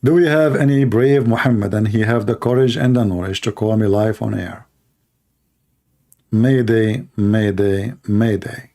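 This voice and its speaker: A man hosting a call-in livestream, talking casually, mocking and laughing at callers and repeating words in quick bursts. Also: medium pitch, gravelly, a little mellow. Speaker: livestream host taking calls.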